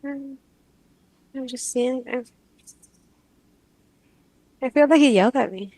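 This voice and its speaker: A woman client under hypnosis describing what she sees in a hesitant, halting way, full of pauses. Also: high-pitched, a little mellow, no echo, low-quality recording. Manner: hesitant, halting, dreamy speech with pauses and restarts.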